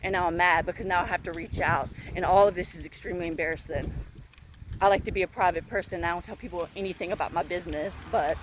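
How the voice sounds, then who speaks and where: A woman's voice: fairly low pitch, steady tone, fast, a little hiss or hum. A woman vlogging while she walks outside, venting in an upset, emphatic way and repeating herself. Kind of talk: venting monologue to camera. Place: outdoors, walking in the heat.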